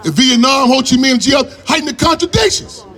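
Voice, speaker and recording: A man's voice: very high-pitched, a little fast, bright, forceful tone. A man giving a fiery, profane political talk to a crowd, telling rambling stories that draw call-and-response. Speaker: activist speaker.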